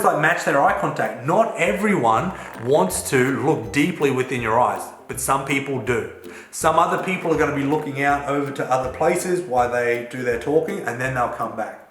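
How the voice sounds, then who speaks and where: Man coaching in an echoey room. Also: mid-range voice. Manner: chatty and relaxed, with Australian slang. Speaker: self-development coach. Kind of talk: casual talk to camera. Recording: echoey room with faint music.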